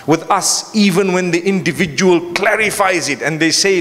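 A man's voice: sits high, normal speed, few pauses, a bit bright, in a large hall. A man preaching a lecture to a live audience, emphatic, with rhetorical questions and repetition. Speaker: Islamic preacher. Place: large hall before an audience.

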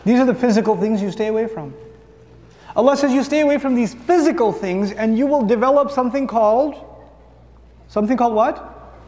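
A man's voice: very high voice, brisk, dark tone, in a large hall. A man giving a sermon, talking casually and with humor, asking the audience questions and answering them himself. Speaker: preacher.

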